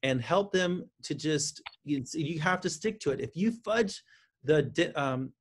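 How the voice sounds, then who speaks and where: A man speaking as a counselor guest in an interview, explaining parenting advice with lively delivery and frequent restarts. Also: on the high side, unhurried, husky. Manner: animated, acts out parent and child lines, frequent restarts. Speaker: counselor and author.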